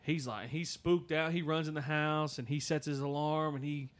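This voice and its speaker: A man hosting a podcast, telling a story in a casual, halting way with many fillers and restarts. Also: on the high side, steady tone. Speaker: podcast host.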